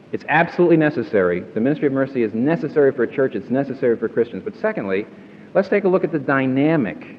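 A man's voice: mid-range voice, slight background noise. A man preaching an emphatic sermon to a congregation, often putting questions to his listeners. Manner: emphatic, asks the audience questions. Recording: muffled recording in a reverberant hall.

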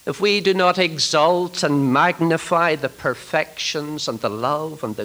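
A man preaching a sermon to trainee ministers, swinging from loud emphatic declarations to hushed, near-whispered lines. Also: on the high side, a little slow, hardly any pauses, a little hiss or hum, low-quality recording.

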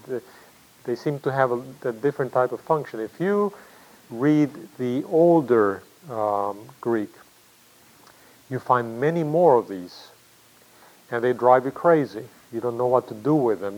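A man giving a classroom lecture, explaining patiently, thinking aloud with many pauses and fillers and putting questions to himself. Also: medium pitch, poor audio.

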